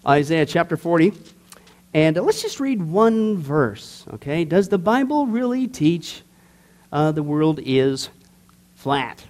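A man's voice: a little high, big pitch swings, slow, a little mellow. A man teaching a Bible study class in a casual, emphatic way, cracking jokes and asking the group questions.

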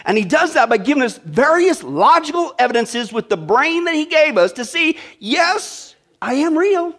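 A male pastor with a notably high voice, preaching in a chatty, joking manner. He keeps checking in with the congregation, tossing out "right?" and "okay?" between points. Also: sing-song, fairly quick, a bit bright. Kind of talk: sermon.

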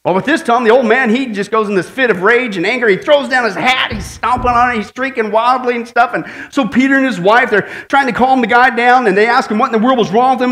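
Man, pastor, high voice, animated sermon, jokes, asks the crowd questions. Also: fast talker, few pauses.

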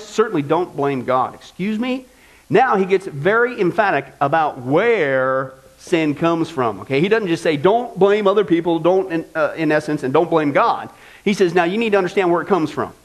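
A man preaching a sermon as pastor, emphatic, firing rhetorical questions at the congregation. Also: sits high.

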